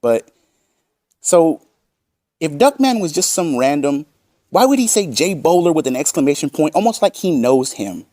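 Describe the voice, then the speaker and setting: A man's voice: a little high, big pitch swings, normal speed, long pauses, mellow, no echo, clean studio sound. A man hosting a commentary channel, combative and profane as he reads out and mocks chat messages. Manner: combative, swearing, reads chat quotes aloud.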